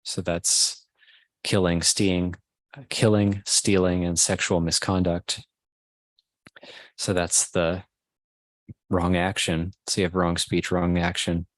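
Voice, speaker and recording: A man, a Buddhist monk, giving a Dhamma talk at a meditation retreat, teaching slowly and pausing often. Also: low voice, monotone, fairly bright tone, dry recording. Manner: slow, measured teaching with pauses and restarts.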